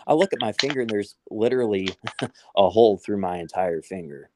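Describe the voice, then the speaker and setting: A man's voice: low voice, animated, brisk, background noise. A man co-hosting a casual podcast, telling a heated story full of swearing. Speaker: podcast co-host. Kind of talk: casual chat.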